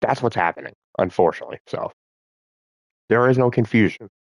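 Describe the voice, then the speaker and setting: A man's voice: lowish voice, expressive, a little fast, no room sound. A man vlogging in a rambling, profane monologue, as if talking to himself.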